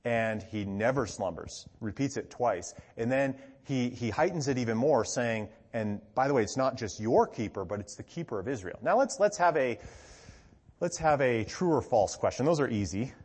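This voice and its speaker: Speaking at a moderate pace with a medium pitch and a breathy edge, this pastor teaches conversationally, often checking in with the congregation with an "okay?" He stresses key words animatedly, and the hall adds long reverb.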